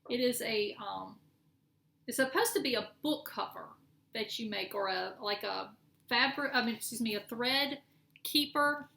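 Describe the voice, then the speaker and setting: A woman's voice: on the high side, a little slow, creaky, sharp tone. A middle-aged woman chatting casually in a cross-stitch vlog, rambling and correcting herself as she shows her projects. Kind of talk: casual show-and-tell chat. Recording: echoey room with faint noise.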